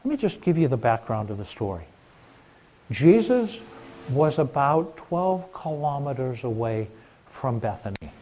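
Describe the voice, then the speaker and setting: Mellow-voiced man preaching a sermon. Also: medium pitch, very animated, measured pace. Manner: conversational, rhetorical questions to the congregation.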